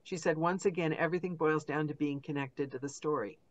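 A podcast host talks casually with a guest and often jumps in to agree. The voice is chatty and relaxed, and the pitch is middling. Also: a little fast, a crowd in the background. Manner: chatty, interjects and laughs along. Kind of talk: casual interview chat.

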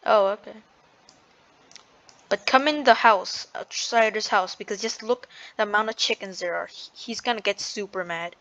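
A woman chats her way through a block-building game, thinking aloud and interrupting herself. Her voice sits at an everyday middle pitch. Her words are peppered with "like". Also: normal speed, a bit bright, dull audio. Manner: chatty, hedging with "like", self-interrupting. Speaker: gamer and video creator. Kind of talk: casual gameplay commentary.

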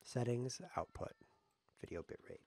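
A man's voice: medium pitch, unhurried, a little mellow. A man streaming live chess, commenting on his games in a sarcastic, joking way as he plays. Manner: sarcastic, joking, talks to himself while playing.

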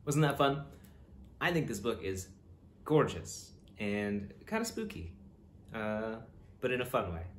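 A man's voice: lowish voice, sing-song, measured pace, long pauses. A man reading a children's picture book aloud for a museum storytime, telling it expressively. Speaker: storytime reader.

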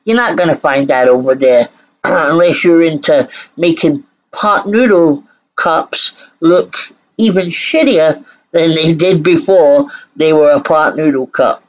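A woman's voice: low-pitched, measured pace, muffled recording. Sarcastic woman from Scotland. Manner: sarcastic, mock-sweet retorts. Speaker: channel host. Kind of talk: reaction commentary.

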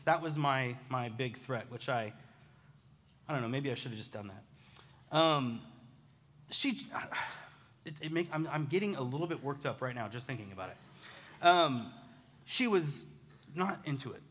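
A pastor in his thirties preaches in a relaxed, self-mocking storytelling way. His voice sits a little high and rings bright. The sound carries a long reverb from the church hall. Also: normal speed, pauses often. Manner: casual, self-deprecating storytelling. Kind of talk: sermon. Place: church sanctuary.

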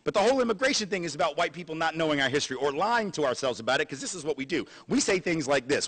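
A man giving a public university lecture in an animated, sarcastic, conversational way. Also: on the high side, racing, hardly any pauses, breathy edge. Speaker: guest lecturer.

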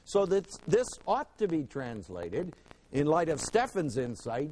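A man teaching scripture to a classroom, his voice pitched high for a man and swinging widely up and down. He hammers key words through repetition and keeps tossing questions to his students. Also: huge pitch swings, moderate pace, mellow, low-quality recording. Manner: emphatic, rhetorical questions, repeats words for stress. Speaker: Bible teacher. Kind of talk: classroom Bible lesson.

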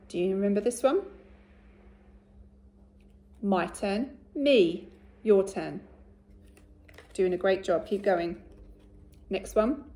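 A woman teacher giving a recorded phonics lesson to young children, speaking slowly and clearly and praising often. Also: mid-range voice, dark tone. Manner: slow, clear and encouraging, with much praise. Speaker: primary school teacher.

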